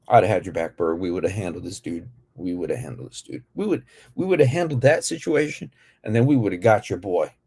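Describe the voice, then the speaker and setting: A man hosting a reaction video, talking in a slow, playful, slangy way. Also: sits low, expressive, darkish tone, breathy edge. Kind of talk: casual reaction commentary.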